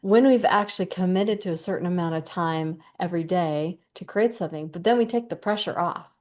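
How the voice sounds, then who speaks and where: A woman's voice: lowish voice, a little fast. Enthusiastic woman sharing life lessons. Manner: animated and enthusiastic, speeds up when excited. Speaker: guest. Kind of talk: conversational podcast talk.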